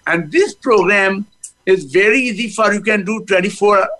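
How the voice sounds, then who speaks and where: A man's voice: high voice, normal speed, pushed and bright, poor audio. A man, a laughter yoga guest who talks with energy and breaks into laughing chants over a phone video call.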